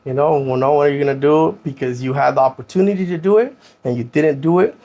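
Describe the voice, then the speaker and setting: A man, a podcast guest casually telling his own story in animated slang and acting out what others said. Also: a little high, fast, dull audio. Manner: animated, acts out other people's lines, heavy slang.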